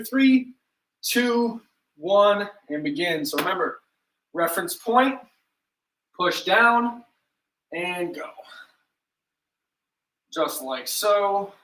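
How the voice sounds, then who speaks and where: Young guy coaching a workout class, talks fast and jokes at himself, roomy echo, kinda far from the mic. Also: high-pitched, pushed and bright. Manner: chatty, self-deprecating, counts down reps. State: out of breath at times. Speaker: fitness instructor. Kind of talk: live workout class instruction. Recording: echoey room, mic at a distance.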